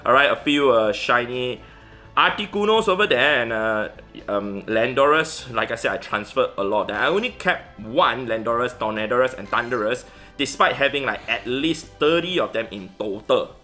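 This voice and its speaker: Casual male vlogger, bright tone, loose rambling delivery over a faint music bed. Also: medium pitch, animated, moderate pace. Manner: rambling, many fillers and restarts. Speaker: Pokemon GO vlogger. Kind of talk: casual commentary over gameplay.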